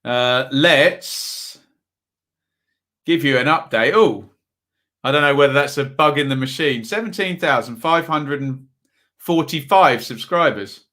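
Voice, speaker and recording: Bright-voiced chatty male watch-along host. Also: medium pitch, unhurried. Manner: chatty, rambling, self-deprecating. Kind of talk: casual live match commentary.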